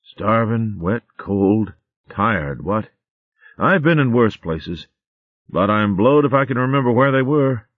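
A man voicing a jolly, chatty gentleman hare in a storybook reading, with a breezy, chipper manner. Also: on the low side, animated, slow pace, no echo, pitched above the performer's own voice. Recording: phone-like dry audio.

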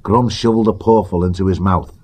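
Deep husky man narrating a story. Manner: measured, even storytelling. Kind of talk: audiobook narration.

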